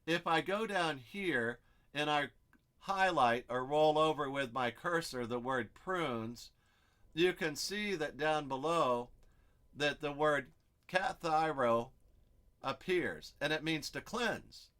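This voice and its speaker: A man's voice: a little high, slow, fairly bright tone. A man teaching an expository Bible study, explaining step by step and thinking aloud as he works through the text.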